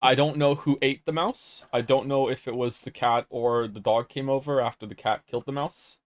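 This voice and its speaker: A young man with a mid-range voice and fairly even intonation streams at a normal speed, chatting casually with his viewers. Rambling and reading their chat aloud, he occasionally gets flustered, in a dry, clean studio recording.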